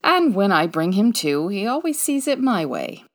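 A woman's voice: mid-range voice, very animated, moderate pace. A woman as an arch, breezy female detective. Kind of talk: 1940s radio acting.

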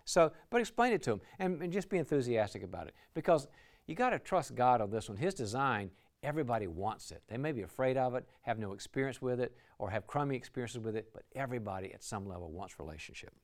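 A man's voice: medium pitch, animated, quick pace. A man giving a lecture on team relationships, enthusiastic, acting out short dialogues as examples. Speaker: leadership speaker. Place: lecture venue.

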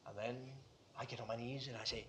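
A man preaching a sermon to a congregation in a room, fervent, swinging from hushed asides to loud declarations. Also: mid-range voice, steady tone, a little fast, very noisy.

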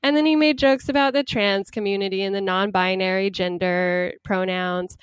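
A woman in casual conversation, chatty and quick to laugh, with lots of fillers. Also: mid-range voice, fairly even intonation, clean tone, no room sound. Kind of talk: casual chat about news.

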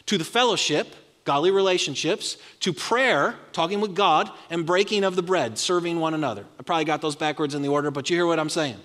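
Animated male pastor preaching in a reverberant hall. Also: fairly high pitch. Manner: animated preaching, leads congregation in call-and-response. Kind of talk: sermon. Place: large church hall.

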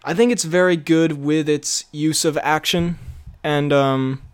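A man's voice: a little high, steady tone, unhurried, clean tone. A man co-hosting a casual podcast chat, rambling with lots of fillers and frequent laughter. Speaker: podcast co-host.

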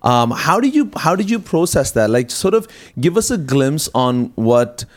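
A man, a pastor hosting a faith talk show, asking long wandering questions and talking through ideas with a gentle, pastoral tone. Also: mid-range voice, very animated, moderate pace. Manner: rambling, restarts questions, many fillers. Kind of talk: conversational interview on faith.

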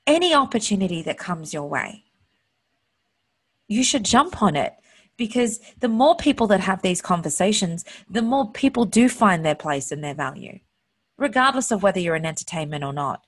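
A woman with a slightly low, husky voice gives a heartfelt motivational talk to her audience. She speaks earnestly and openly lets her emotion through. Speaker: host.

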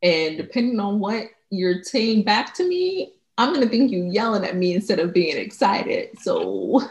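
A woman co-hosting a casual podcast chat, laughing often and animated when she acts out what others say, recorded at home. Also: mid-range voice, normal speed, echoey room. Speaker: podcast co-host. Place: home with traffic noise outside.

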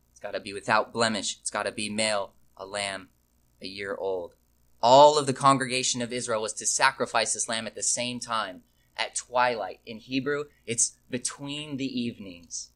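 A man's voice: mid-range voice, sharp tone. A man reading scripture aloud and then explaining it verse by verse, emphatic and repeating key phrases for weight. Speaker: Bible teacher.

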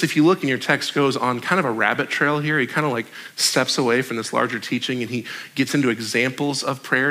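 A young male pastor delivers a sermon in a bright, lively voice at an everyday middle pitch. He stays conversational and jokey, tossing in quick asides as he preaches.

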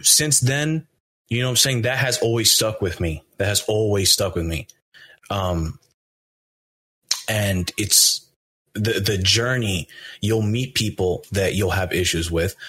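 A New man with a bright, forceful tone and a husky edge speaks as a guest in a relaxed conversation. He swears freely, leans on slang and trips over his own restarts as he goes. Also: lowish voice. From New York. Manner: loose, profane, heavy use of slang and repeated restarts. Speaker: guest, animator and voice actor. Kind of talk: casual conversational interview.

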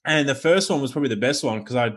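A man, co-hosting a casual podcast chat, telling animated stories full of swearing and acted-out quotes. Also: mid-range voice, racing. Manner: animated storyteller, swears freely, acts out quotes. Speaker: podcast co-host.

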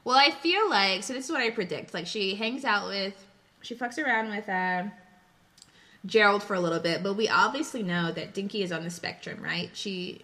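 A woman's voice: medium pitch, moderate pace, pushed and bright. A young woman co-hosting a casual movie podcast, chatty and joking, often trailing off mid-thought. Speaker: podcast co-host. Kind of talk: casual chat.

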